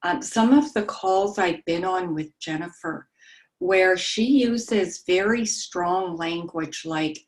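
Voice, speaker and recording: A woman sharing in a study group, soft-spoken and halting, with frequent pauses and ums. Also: on the low side. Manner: describes herself as meek and mild.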